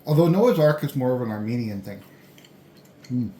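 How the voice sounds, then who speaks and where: At home, a food vlogger tastes a delivered meal in front of a camera on a tripod, rambling and thinking aloud between bites. The voice is medium-pitched, animated and moderately paced with a dark tone, in an echoey room.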